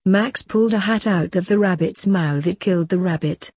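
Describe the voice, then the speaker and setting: A woman reading a short story aloud in a calm, even storytelling voice. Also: fairly low pitch, moderate pace, husky, dry recording, studio quality. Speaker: narrator. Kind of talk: scripted story narration.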